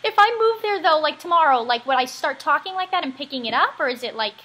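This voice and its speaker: A woman's voice: sits high, animated, fast talker, sharp tone. A woman interviewer asking questions in a bubbly, enthusiastic, casual way. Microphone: call line.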